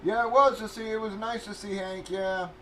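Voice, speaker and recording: A man's voice: high-pitched, fairly even intonation, moderate pace, bright, forceful tone, slight background noise, poor audio. A man hosting a casual livestream, venting in a profane, ranting way. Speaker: livestream host running a card break.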